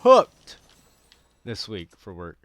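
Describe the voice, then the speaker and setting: A young man giving casual, profane gameplay commentary, often bursting into yells. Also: fairly low pitch, moderate pace, dry recording. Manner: profane, excitable, bursts into yelling. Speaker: gaming video creator.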